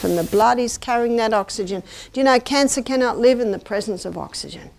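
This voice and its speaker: A middle-aged woman giving a chatty, anecdotal health lecture to a live audience and asking them questions. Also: fairly high pitch. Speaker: health presenter.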